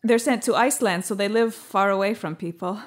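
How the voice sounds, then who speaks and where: Actress doing young Estonian woman, Estonian accent, broken English, halting, blunt, radio drama, mid-pitched voice. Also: no echo, clean studio sound, natural voice.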